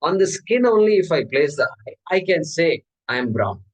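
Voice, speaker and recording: A man's voice: on the high side, moderate pace, low-quality recording. A man giving a spiritual discourse as teacher, asking his listeners question after question. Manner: questioning, animated. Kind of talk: Vedanta discourse.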